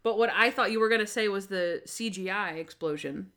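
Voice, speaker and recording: Speaking a little fast in a mid-range voice, a woman co-hosting a casual podcast reviews a TV episode. She's lively, dramatizes the quotes, and fills her speech with fillers.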